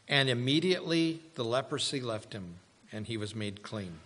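Man preaching real slow, big pauses, voice echoing around a church. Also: mid-range voice, expressive, pushed and bright. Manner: slow, deliberate preaching with dramatic pauses and rising emphasis. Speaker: pastor. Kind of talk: sermon. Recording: long hall reverb.

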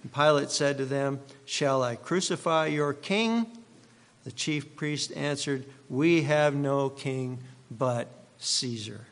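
Man preaching in a reverberant hall. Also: medium pitch. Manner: measured, dramatic reading with emphatic quotes. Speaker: pastor. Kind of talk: sermon with scripture reading. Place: church sanctuary. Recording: long reverb of a large hall.

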